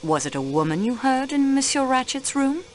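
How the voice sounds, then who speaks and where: A polite French investigator. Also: female voice, high voice, big pitch swings, moderate pace, a little hiss or hum. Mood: composed. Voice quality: formal, composed, courteous. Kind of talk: video game voice acting.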